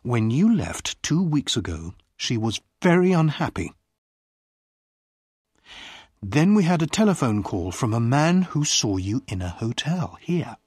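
A calm doctor of about forty speaks in a steady, reassuring way, voiced by an audiobook reader. The delivery is slow and slightly husky, with a dry, close sound. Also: medium pitch, no echo. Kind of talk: audiobook story reading.

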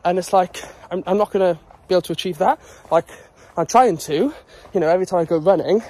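A man's voice: high-pitched, fast, a little mellow. A man vlogging on a dog walk, rambling casually and a bit out of breath as he jogs. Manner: rambling, chatty, talking while jogging. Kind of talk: casual vlog chat.

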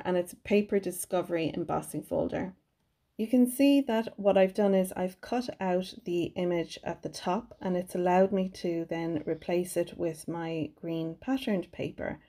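A woman talks through her card-making in a friendly, homely way as a craft tutorial voice-over. Her voice sits a little low and sounds warm and mellow. She keeps a cheerful, chatty tone throughout. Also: creaky. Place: home craft room.

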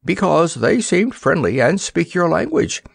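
A man's voice: a little high, big pitch swings, measured pace, gravelly, husky, no echo, pitched above the performer's own voice, full character voice. Man voicing a blunt, protective hippo lady. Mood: earnest. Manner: sharp, earnest.

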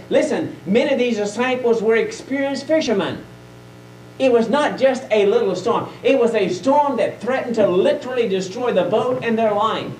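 A man preaching a sermon in a church, moving between a full voice and hushed, near-whispered lines. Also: very high-pitched. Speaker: pastor. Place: church sanctuary. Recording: echoey church audio taped from a distance, faint hum.

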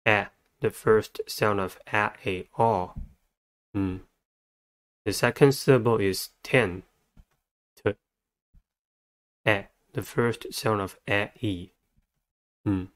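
A man with a fairly low voice teaches vocabulary at a very slow, deliberate pace. He breaks each word into syllables and sounds the letters out one at a time. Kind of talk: instructional narration.

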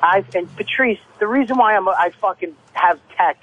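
Man, radio caller, high lively voice, irritated, profane, noisy line. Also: normal speed, narrow, tinny audio. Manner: irritated, profane, talking over others. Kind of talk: radio call-in banter. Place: stairwell, then street. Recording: call-in line with background noise.

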